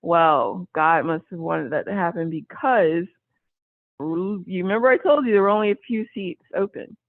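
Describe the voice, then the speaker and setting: A woman with a gravelly edge to her voice tells a story in casual, lively talk. She comes through a narrow, tinny phone line with no room sound at all. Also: fairly low pitch, moderate pace, no room sound. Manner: animated, acts out quoted voices. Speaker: interview guest.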